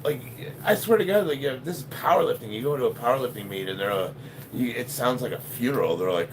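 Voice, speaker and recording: Lively, profane man in his fifties. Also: mid-range voice, fast, background noise. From Chicago, United States. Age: 50s. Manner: profane, joking, laughs often. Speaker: powerlifter live-streaming a workout. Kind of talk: casual live-stream chat reading comments.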